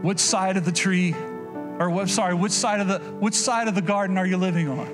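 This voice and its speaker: A middle-aged man preaches in a loose, folksy way, circling back on his phrases and slipping into quoted voices. His voice sits a touch high for a man. Clear music plays behind him throughout the church recording. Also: a little fast. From Oklahoma. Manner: folksy, conversational preaching with repetitions and acted-out quotes. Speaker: pastor. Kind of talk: sermon.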